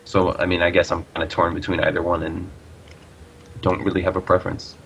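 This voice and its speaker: A man guest on a casual webcast over a call. He speaks thoughtfully and in a measured way, with hesitant fillers. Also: deep voice, completely flat delivery, a little hiss or hum. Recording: dull lo-fi call audio.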